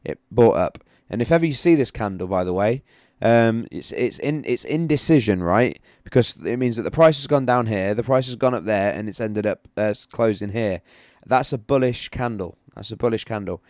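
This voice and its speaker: Male streamer, chatty and rambling, lowish voice, close and dry. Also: lively intonation, moderate pace, few pauses, a little mellow, no echo. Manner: chatty, rambling, repeats himself. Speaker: livestream host. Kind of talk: casual live-stream chat with chart analysis.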